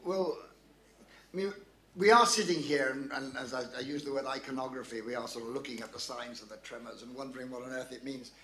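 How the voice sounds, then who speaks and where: A man's voice: mid-range voice, brisk, fairly bright tone. A man giving a talk and answering audience questions, thoughtful and anecdotal, often restarting his sentences. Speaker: guest speaker. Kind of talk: public lecture Q&A answer. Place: club function room. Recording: roomy hall echo.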